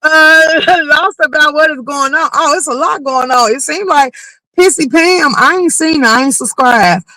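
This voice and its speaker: Blunt, high-pitched woman doing livestream commentary. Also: normal speed, no echo, rough recording. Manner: animated, blunt and profane, reacting to chat. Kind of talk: casual livestream gossip commentary.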